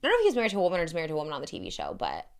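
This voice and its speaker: Fast-talking gossipy woman podcaster. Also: sits low, wildly swooping pitch. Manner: gossipy, rambling, lots of "like". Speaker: podcast host. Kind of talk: casual chat.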